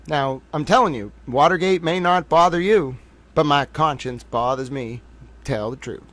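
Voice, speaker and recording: A man hosting a casual live stream, joking loudly with his chat and drawing out playful asides. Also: fairly high pitch. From United States. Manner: jokey, loud, drawn-out playful asides. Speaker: livestream host. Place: home studio in Boston.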